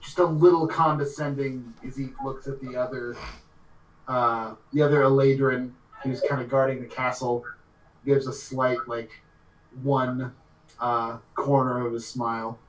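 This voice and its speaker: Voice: medium pitch, level tone, a little slow. A game master narrating a tabletop game casually, with lots of fillers. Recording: echoey room.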